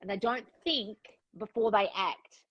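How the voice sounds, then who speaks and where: A woman's voice: medium pitch, measured pace, slightly rough, dry recording, highs cut off. A woman coaching a client one-on-one, frank and direct, giving instructions and acting out the thoughts she wants the client to have. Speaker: relationship and manifestation coach.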